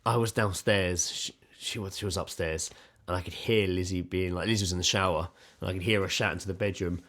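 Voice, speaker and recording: A man's voice: sits low, fairly even intonation, brisk, a bit bright. A man co-hosting a podcast, telling rambling stories in casual chat and swearing freely. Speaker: podcast co-host.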